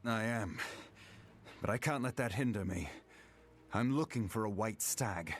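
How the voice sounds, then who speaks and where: A solemn wounded elf hunter. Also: male voice, on the low side, expressive, a little slow, slightly rough, soft background music. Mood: earnest. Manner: solemn, formal and determined. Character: wounded earnest young male elf hunter. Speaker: game character. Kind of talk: video game voice acting.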